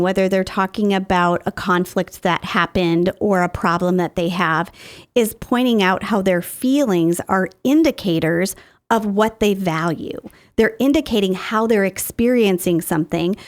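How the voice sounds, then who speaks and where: A middle-aged woman speaking as a therapist guest on a podcast interview, explaining her ideas through everyday family examples. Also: medium pitch.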